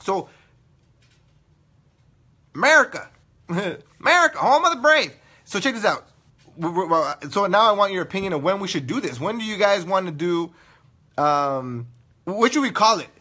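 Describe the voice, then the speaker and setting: Loud, joking young man with a bright voice. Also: high-pitched, animated, moderate pace. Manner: loud, profane, joking, laughs often. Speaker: online radio show host. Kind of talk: casual live-stream chat with viewers.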